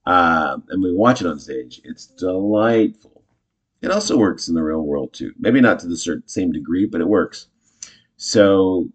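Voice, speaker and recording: A man casually teaching improv, chatty and self-correcting, jumping into animated example lines. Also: low voice, a little slow, breathy edge.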